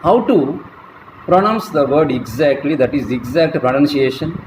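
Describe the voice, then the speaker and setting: A man giving a slow, deliberate classroom lecture as a college lecturer, spelling words out letter by letter. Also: a little high, expressive. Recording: echoey room, faint traffic noise.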